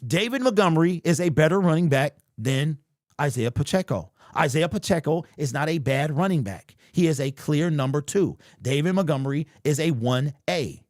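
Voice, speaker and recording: A man's voice: fairly high pitch, normal speed, dry recording, studio quality. A man hosts a sports livestream, answering viewer comments in a heated, repetitive way. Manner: animated, argumentative, repeats his points. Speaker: sports channel host. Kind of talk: livestream commentary reading super chats.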